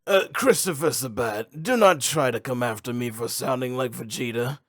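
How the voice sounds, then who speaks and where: A man's voice: medium pitch, normal speed, a bit bright, no echo, studio quality. A young man hosting a casual reaction commentary, rambling and laid-back, tossing in "bro" as he talks. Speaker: host.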